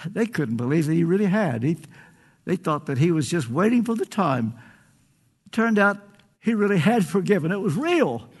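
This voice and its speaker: A man's voice: high-pitched, sing-song, normal speed, slightly rough. An older man preaching a sermon, earnest and pleading, stretching out phrases for emphasis.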